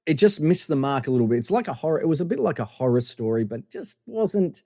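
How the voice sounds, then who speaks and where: Rambling man telling stories, slightly high voice. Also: very animated, fast, a little mellow, no echo, studio quality, long reverb tail. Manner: rambling, many fillers and restarts. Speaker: podcast guest. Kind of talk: casual anecdotal storytelling.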